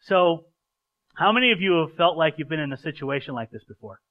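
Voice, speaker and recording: Here a male pastor speaks in a slightly high voice with lively intonation and a fairly quick pace, the upper frequencies clipped. He delivers an earnest, chatty sermon featuring a live illustration on stage, frequently restarting sentences and repeating words.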